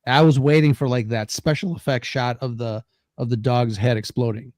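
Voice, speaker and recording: A man's voice: medium pitch, fairly even intonation, moderate pace, darkish tone, no room sound, clean studio sound. A man co-hosting a casual podcast, chatty, often filling with "like". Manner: chatty, fills with "like". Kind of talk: casual rewatch chat.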